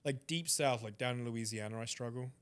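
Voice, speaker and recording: A man's voice: medium pitch, brisk, clean tone. A man with an English accent, a guest telling stories in a casual chat. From Britain. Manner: animated storyteller. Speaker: interview guest.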